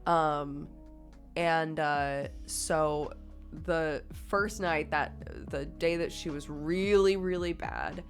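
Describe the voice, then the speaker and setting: A woman streamer tells a story in a relaxed, rambling way, filling her sentences with "like" and laughing as she goes. Her voice sits a little low for a woman. Soft music plays faintly behind her. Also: extremely slow. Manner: chatty, full of "like" fillers, laughs through the telling. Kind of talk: casual storytelling to a live stream chat.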